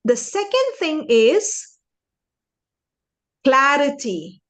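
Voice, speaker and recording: Lively high-voiced woman teaching speaking. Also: extremely slow. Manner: animated, demonstrative, asks the class questions. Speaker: public speaking trainer. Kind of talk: interactive lesson to young students.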